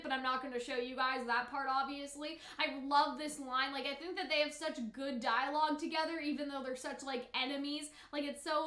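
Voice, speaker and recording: A woman's voice: sits high, bright, forceful tone, echoey room. A woman giving casual reaction commentary on an anime, talking in a chatty, emotional way full of fillers, at her computer at home.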